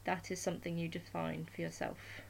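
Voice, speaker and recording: A mischievous male trickster god from a storybook tale, read out by a woman, teasing and grand. He speaks with easy, playful confidence, a little louder than the telling around him. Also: fairly low pitch, level tone, normal speed, creaky, a little hiss or hum.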